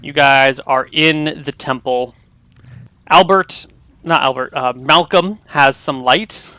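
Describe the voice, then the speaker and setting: A male game master narrates a tabletop scene at an unhurried pace. His voice sits a bit high for a man and sounds crisp, bright and smooth. The sound is dry and close. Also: no echo.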